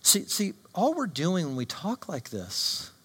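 A man's voice: high-pitched, huge pitch swings, unhurried, a bit bright, breathy edge. A man preaching a sermon with emphatic delivery and frequent rhetorical questions. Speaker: pastor.

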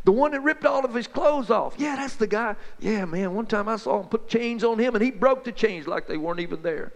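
A man telling Bible stories as a folksy, excited back-and-forth chat between two friends. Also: sits high, a little fast, long reverb tail. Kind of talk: two-voice dramatized Bible storytelling.

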